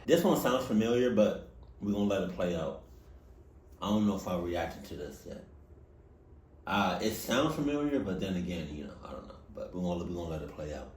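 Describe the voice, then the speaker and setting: A man hosting a reaction video, joking loudly and then trailing off to mutters. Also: low-pitched, sing-song, fairly quick, echoey room. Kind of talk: comedic reaction commentary.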